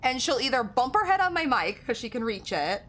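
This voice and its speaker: A woman's voice: sits high, sing-song, fairly quick, a bit bright. A young woman streaming a game, chatting casually with a friend and her viewers and laughing often. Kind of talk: casual chat while livestreaming a game.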